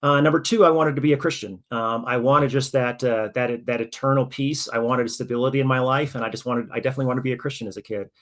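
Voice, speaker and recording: A middle-pitched man in his forties tells stories from his past as a podcast guest. He paces them with energy, slipping into other people's voices for their lines. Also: quick pace, few pauses. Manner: animated anecdotal storytelling, acting out quoted dialogue. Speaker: guest, author and military veteran. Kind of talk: casual storytelling interview.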